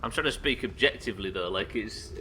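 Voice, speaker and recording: Young male game streamer from the UK, low but bright and forceful voice, loose self-mocking banter with chat, casual swearing. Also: brisk, slight background noise. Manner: rambling and self-deprecating, swears casually, reads chat aloud. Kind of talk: live gameplay commentary chatting with viewers.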